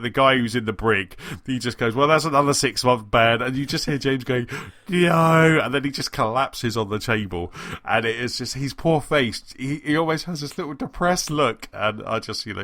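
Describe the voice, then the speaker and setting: A man's voice: mid-range voice, sharp tone, dry recording. A man co-hosting a casual gaming podcast, telling a story in a chatty way and laughing often. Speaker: podcast co-host.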